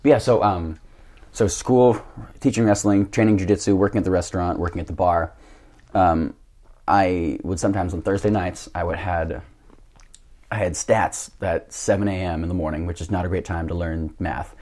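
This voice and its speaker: Young man, deep voice, podcast guest; lively self-mocking storyteller who swears freely. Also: normal speed. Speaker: podcast guest, jiu-jitsu coach. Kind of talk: casual storytelling.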